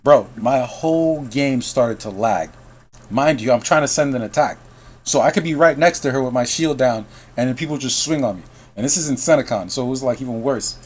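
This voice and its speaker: A man's voice: medium pitch, a little fast. A man hosting a game news stream, telling a story to call guests in a casual way, often laughing and reading out chat messages.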